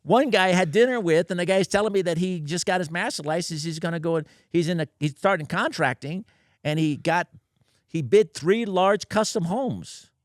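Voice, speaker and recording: A man's voice: sits high, moderate pace, dry recording, clean studio sound. An older man, a guest on an interview podcast, telling stories bluntly and acting out both sides of conversations. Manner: blunt, animated, quotes others in dialogue. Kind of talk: casual interview storytelling.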